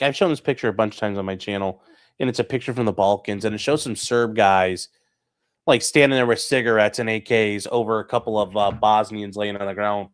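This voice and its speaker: Animated man hosting a casual livestream. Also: medium pitch. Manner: animated, mocking, swearing freely. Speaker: host.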